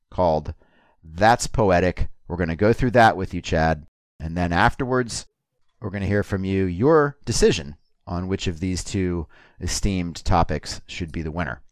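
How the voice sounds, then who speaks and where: A man co-hosting a comedy podcast, introducing segments in a mock-formal, deadpan way. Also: deep voice, dry recording. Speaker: podcast co-host.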